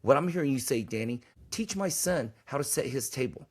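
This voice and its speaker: A man's voice: medium pitch, expressive, a little fast, breathy edge. A man hosting a podcast in casual talk, blunt and emphatic, preaching his points and swearing freely. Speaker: podcast host.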